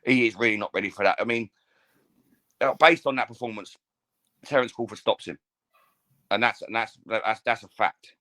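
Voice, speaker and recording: A man's voice: fairly low pitch, moderate pace, long pauses, pushed and bright. A man co-hosting a casual boxing podcast, chatty, often stammering and restarting his sentences. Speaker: podcast co-host.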